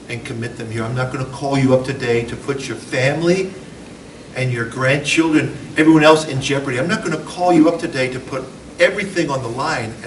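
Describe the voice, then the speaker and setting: A man's voice: mid-range voice, slight background noise. Man preaching in an echoey hall. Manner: storytelling, dramatic swings from loud to hushed. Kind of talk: patriotic sermon speech. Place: event hall. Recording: echoey hall, mic from far off.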